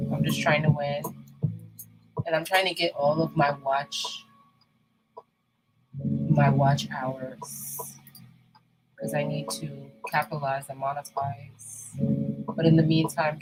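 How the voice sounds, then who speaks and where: A woman with a New York accent hosting a casual live chat, lively and swinging in pitch and loudness. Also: unhurried, long pauses, low-quality recording. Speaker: livestream host. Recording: music playing behind.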